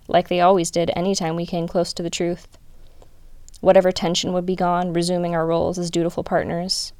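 A woman reading a first-person romantic story aloud in a measured, even way. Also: on the low side, creaky, no room sound. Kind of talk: reading fan fiction aloud.

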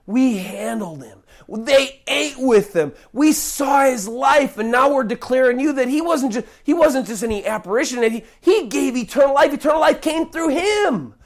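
A preacher teaching a Bible passage in a sermon, speaking emphatically with sudden loud bursts and frequent restarts. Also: high-pitched, lively intonation, moderate pace, hardly any pauses.

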